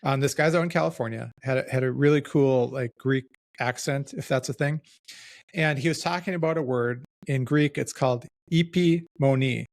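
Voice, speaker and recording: Podcast host: man, gravelly voice, reflective and self-deprecating, casual, dry close sound. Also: mid-range voice, moderate pace, dry recording. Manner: reflective, self-deprecating, talks in loose restarts.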